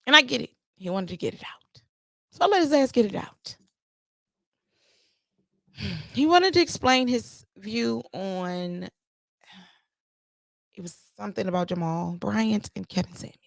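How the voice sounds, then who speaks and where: A woman hosting a podcast, telling a story in a casual, animated monologue and repeating herself for emphasis. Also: medium pitch, vocal fry, no room sound, studio quality. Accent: playful put-on Jamaican-style lilt at times. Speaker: podcast host.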